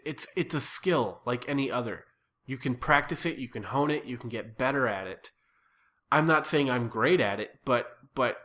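A man's voice: mid-range voice, a bit bright. A man, an improv performer and workshop teacher, giving earnest advice in casual podcast chat with many restarts. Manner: earnest, advising, with frequent restarts.

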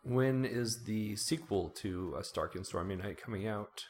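Low-voiced male interviewer. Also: measured pace. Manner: brief questions and short reactions. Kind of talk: casual interview.

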